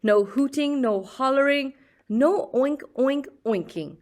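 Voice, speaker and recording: A woman reading a children's picture book aloud in a slow, expressive storyteller's voice. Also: high-pitched.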